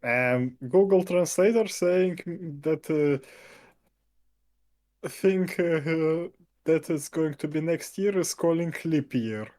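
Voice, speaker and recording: Man, Russian native, slow halting speech, mellow tone, stream guest. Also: a little high. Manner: hesitant, searching for words. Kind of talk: casual chat.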